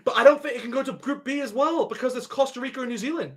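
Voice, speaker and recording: A man giving a live reaction to a sports draw, excitable and thinking aloud as he keeps addressing his viewers. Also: very high-pitched, racing. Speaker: sports vlogger.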